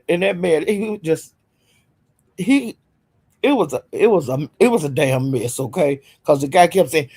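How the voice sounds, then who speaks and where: A man's voice: a little high, gravelly, darkish tone, slightly rough. A man hosting his own livestream and telling gossip to his chat. He laughs often and keeps calling his viewers "y'all", "honey" and "child". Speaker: livestream host. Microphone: home streaming setup.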